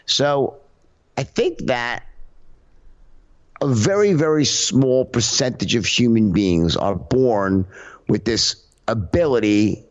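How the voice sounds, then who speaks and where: A man's voice: medium pitch, animated, takes it slowly, dull audio. A man as a podcast guest, talking casually and acting out tones of voice in his examples, with many restarts. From United States. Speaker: podcast guest, sales trainer. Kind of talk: casual conversational interview.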